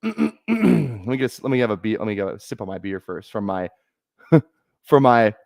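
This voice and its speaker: A man's voice: fairly low pitch, very animated, measured pace, gravelly, darkish tone, no echo. Male streamer, casual, rambling, thinking aloud, dry close sound. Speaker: fantasy football streamer. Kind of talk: casual live-stream commentary.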